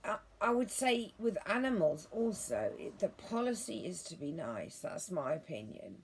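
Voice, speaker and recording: A woman talking to her viewers in a gentle, earnest, meandering way, restarting her sentences often. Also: lowish voice, sing-song, moderate pace, slight background noise. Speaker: vlogger. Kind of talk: rambling monologue to viewers.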